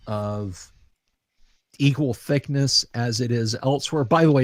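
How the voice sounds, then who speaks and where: A man's voice: mid-range voice, no echo, studio quality. A man running a tabletop fantasy game as dungeon master, narrating with many restarts. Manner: halting, with many restarts and fillers. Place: home setup, livestream.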